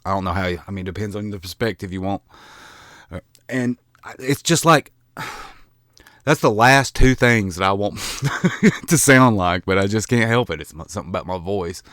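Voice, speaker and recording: Speaking at a moderate pace in a fairly low, fairly bright voice, this man from the American South vlogs casually to the camera with a Southern accent. His talk is rambling and self-deprecating, full of restarts and mild swearing, and the recording is dry and studio-grade.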